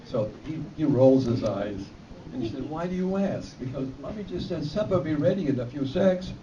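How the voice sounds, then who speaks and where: A man's voice: fairly high pitch, animated, normal speed. A man telling jokes at a fundraiser, rambling through his setups and laughing at his own punchlines. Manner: rambling joke delivery with restarts and fillers. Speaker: amateur comedian at a fundraiser. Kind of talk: telling jokes to a live audience. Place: event hall with a live audience. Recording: distant, dull, with crowd noise.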